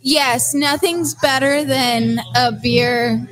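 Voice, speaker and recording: A woman's voice: high-pitched, steady tone, extremely slow, a bit bright. A woman guesting on a podcast in casual chat, easygoing and laughing along.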